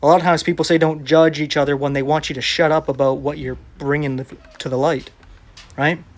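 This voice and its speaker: A man's voice: on the high side, little pitch movement, a little fast. A man who preaches online, reading viewer comments aloud and answering them in a sarcastic, defensive way.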